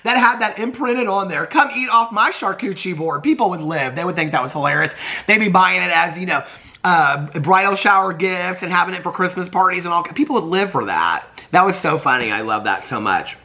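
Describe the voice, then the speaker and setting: Picture a man from the US Midwest who talks with a Southern accent, chatting through a reality TV recap. His voice is bright and forward. He is gossipy and emphatic and keeps checking in with "okay?". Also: sits high, brisk, creaky. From Indianapolis, Indiana, US Midwest. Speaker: TV recap YouTuber.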